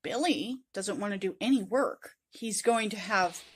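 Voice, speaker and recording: A woman's voice: medium pitch, unhurried, a crowd in the background. A woman in casual podcast banter, blunt and sarcastic.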